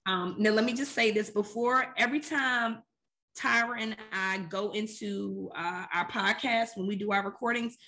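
A woman's voice: medium pitch, moderate pace, pushed and bright. A woman co-hosting a faith podcast, talking about prayer in an earnest, conversational and emphatic way. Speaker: podcast co-host.

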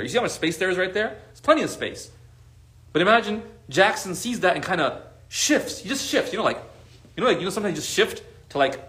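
A man teaches a gathering in a chatty, animated sermon, his fairly high voice leaping around in pitch. He brings in everyday characters by playing their lines himself. The room gives his voice a clear echo. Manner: animated, conversational, acts out quoted friends. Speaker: religious teacher. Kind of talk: lively sermon to a live group.

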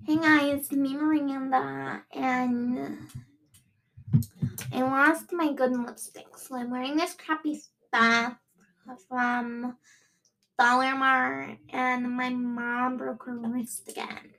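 A woman's voice: sits high, level tone, slow, creaky, fairly bright tone, heavily acted. A woman putting on the voice of a ditzy, self-absorbed young female internet singer, rambling in a whiny, airheaded way.

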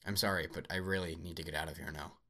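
Man doing a nervous guy stuck in a fog, stumbles over words, low voice. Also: steady tone, fast, sharp tone, heavily acted. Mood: uneasy. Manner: hesitant, stammering, apologetic. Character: hunted man facing an old friend turned foe.

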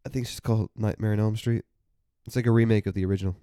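A young man co-hosting a podcast, chatting in a dry, deadpan way and coughing now and then. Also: lowish voice, very fast, clean tone. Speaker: podcast co-host. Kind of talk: casual chat.

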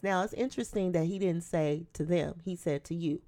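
A woman's voice: fairly low pitch, normal speed, hardly any pauses. A woman preacher delivering a sermon. She reads scripture aloud and then explains it in an emphatic, conversational way. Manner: animated, emphatic preaching that breaks into acted-out quotes.

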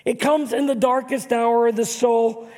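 A man's voice: extremely high pitch, steady tone, a little slow, darkish tone. An older man, a pastor, preaching a sermon earnestly and repeating words for emphasis. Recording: long hall reverb.

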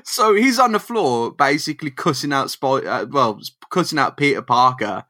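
Bright-voiced man bantering. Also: medium pitch, lively intonation, dry recording, clean studio sound. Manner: jokey, quick banter, says mate. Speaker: podcast co-host. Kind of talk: casual chat.

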